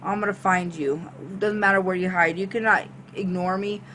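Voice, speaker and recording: A woman voicing an older woman who stalks and presses herself on someone, with breathy pleading and spiteful threats. The voice sits a little above her usual one. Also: fairly low pitch, fairly even intonation, moderate pace, fairly bright tone, a little hiss or hum, natural voice. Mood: threatening.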